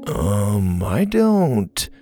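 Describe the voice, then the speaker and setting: A man's voice: fairly low pitch, wildly swooping pitch, extremely slow, mellow, husky, soft background music, full character voice. Brief: hesitant alien schoolboy for a storybook, read by a man in a near-plain voice. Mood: awkward. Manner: awkward, hesitant. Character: coolest alien schoolboy, tall and cautious.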